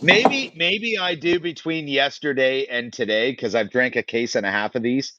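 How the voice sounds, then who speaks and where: A man's voice: medium pitch, moderate pace, sharp tone. A man in a casual live stream chat who laughs often and swears freely. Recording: dull lo-fi stream audio.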